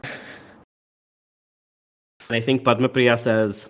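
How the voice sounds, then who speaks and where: A man running a tabletop game, narrating and speaking for the characters in a slow, measured way. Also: medium pitch, a bit bright. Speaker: game master.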